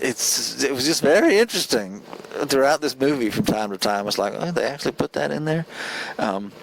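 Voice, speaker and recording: A man talks through a film review in a loose, casual way, earnest and rambling, tripping over his words and restarting his sentences. His voice sits fairly low. Faint background noise hums under the recording. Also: low-quality recording.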